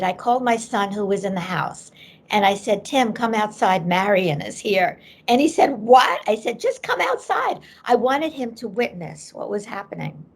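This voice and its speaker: Brief: middle-aged woman, medium-pitched and gravelly, an animated podcast guest telling a story. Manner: animated storyteller who acts out quoted voices.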